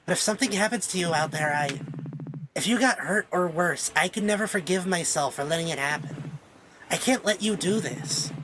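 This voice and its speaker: A woman voicing a protective young woman who speaks gently and with worry. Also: lowish voice, expressive, normal speed, background noise, natural voice. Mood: worried. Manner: gentle, worried, soft.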